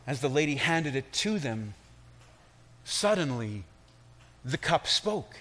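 A man's voice: medium pitch, big pitch swings, fairly bright tone. A man preaching a sermon, telling a story and then reflecting on it for his listeners. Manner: slow, storytelling delivery with reflective asides.

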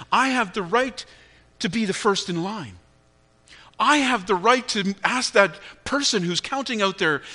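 A middle-aged male pastor preaches with a high, bright voice that climbs and dips all over the place. He acts out his own irritations with animated flair, then drops to a quiet, earnest tone. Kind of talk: sermon.

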